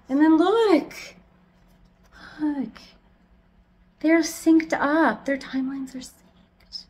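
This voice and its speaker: A woman chatting casually as a plant vlogger, talking loudly, giggling, swearing and talking to her plants at home. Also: sits high, slow pace, pauses often. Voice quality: loud, close to yelling. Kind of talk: casual chat. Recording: echoey room with faint background noise.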